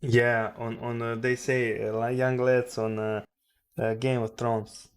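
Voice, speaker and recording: A man hosting a live trading stream, muttering to himself and cursing at the charts with sudden loud outbursts. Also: mid-range voice, flat delivery, unhurried, clean tone. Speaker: livestream day trader host. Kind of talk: casual live-stream commentary.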